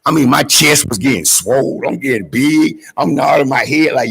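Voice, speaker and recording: A man from Georgia, giving a graduation speech and telling an animated story, calling out to the audience to join in. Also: mid-range voice, normal speed, creaky, slightly rough. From Georgia, USA. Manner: call-and-response with the audience, dramatic swings from hushed to shouting. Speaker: graduation guest speaker.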